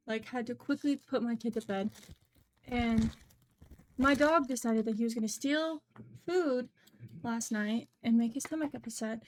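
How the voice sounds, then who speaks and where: Young woman game streamer, rambling casual chat, slightly high voice, laughs often.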